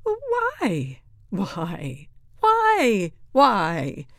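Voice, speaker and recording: A woman's voice: medium pitch, big pitch swings, measured pace, no echo, studio quality. A woman voicing a whiny, reluctant young boy cat while reading a storybook aloud. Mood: curious. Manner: whining, pleading, repeating.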